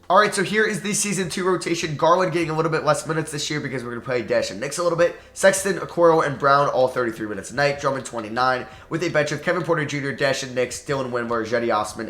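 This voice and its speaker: A man with a New York accent giving casual, chatty gameplay commentary, thinking aloud and poking fun at himself. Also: mid-range voice. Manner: chatty, excitable, self-deprecating, thinks aloud. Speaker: gaming YouTuber. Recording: roomy echo.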